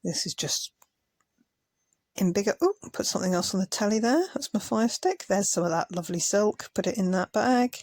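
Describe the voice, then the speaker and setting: A woman's voice: medium pitch, expressive, fairly quick, few pauses, darkish tone, dry recording. A tired woman chatting casually as a craft vlogger, muttering asides as she sorts things. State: tired, yawning. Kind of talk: casual commentary over sped-up footage.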